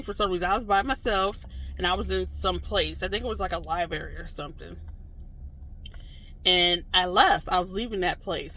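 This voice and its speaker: A vlogger telling a story casually to the camera, rambling with lots of "like" and "you know" and acting out reactions. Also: medium pitch. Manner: animated, acts out reactions in quotes.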